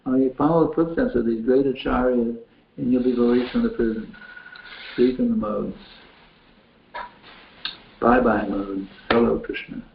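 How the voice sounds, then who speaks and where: Gravelly man over a tinny, echoey line. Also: mid-range voice, steady tone, a little fast, a little hiss or hum. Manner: repetitive, folksy, restarts phrases. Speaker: spiritual teacher. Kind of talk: answering questions from a chat window.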